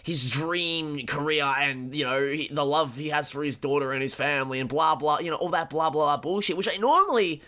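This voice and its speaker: A man co-hosting a podcast, chatting casually and profanely about a film, stumbling over restarts. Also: fairly high pitch. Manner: animated, profane, halting with many restarts. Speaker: podcast co-host. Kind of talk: casual film-review chat.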